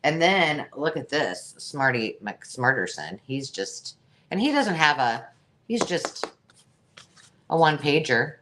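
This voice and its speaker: A woman's voice: low voice, very animated, slow pace, a bit bright, slight background noise. A woman hosting a live online sale, chatty and jokey, laughing at her own remarks. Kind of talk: live-stream sales chat.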